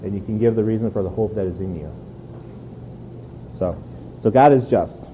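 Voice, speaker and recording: A man's voice: on the low side, moderate pace, dull audio, a little hiss or hum. A man preaching a sermon in an earnest, conversational way, often repeating words as he restarts. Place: church.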